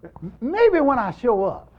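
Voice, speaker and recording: Animated male preacher, swinging loud to soft. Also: extremely high pitch, highs cut off, background noise. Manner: repetitive, emphatic call-and-response delivery. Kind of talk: sermon.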